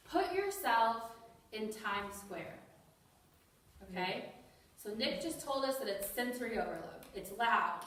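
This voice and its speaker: A woman's voice: fairly high pitch, fairly bright tone. A woman leading a dementia care staff training, talking conversationally and asking the room questions. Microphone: distant mic. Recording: very echoey room, distant mic.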